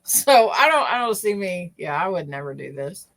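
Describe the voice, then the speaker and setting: A woman's voice: on the low side, big pitch swings, moderate pace, a bit bright. A woman co-hosting a podcast, making hesitant remarks in casual chat. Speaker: podcast co-host.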